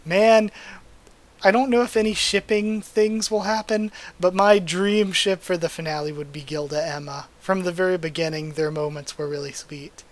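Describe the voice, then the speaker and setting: Male reader, slightly high voice, casual and emotional, gushing between read lines. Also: steady tone, moderate pace, hardly any pauses. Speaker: manga readthrough host. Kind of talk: casual reading and commentary.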